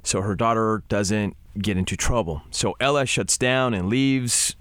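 A man's voice: on the low side, a little slow, fairly bright tone, no echo. A man hosting a podcast panel, chatty and upbeat as he introduces skits. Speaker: podcast host.

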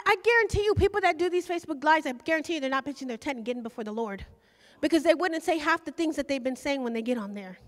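A woman's voice: extremely high pitch, a bit bright, in a large hall. A woman preaching a sermon, fervent and exhorting as she tells a story.

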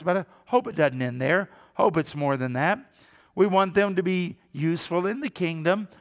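A man's voice: fairly high pitch, big-room sound. An older man, a pastor, preaching a conversational sermon, asking the congregation questions and putting on mock voices. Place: church sanctuary.

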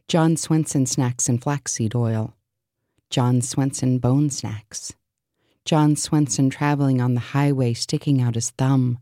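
A woman reciting a surreal spoken-word list in a deadpan, absurd manner. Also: extremely low pitch, unhurried, no echo, clean studio sound.

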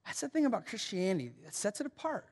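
A male pastor with an American accent preaching a sermon, emphatic, rising to loud urgency and dropping to hushed softness. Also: high voice, very animated, fast talker. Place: large church auditorium. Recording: long hall reverb.

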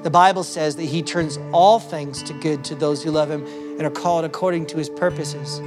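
A man preaching a sermon with passion, swinging between loud declarations and soft, hushed moments. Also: a little high, steady tone, normal speed, over music. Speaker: pastor.

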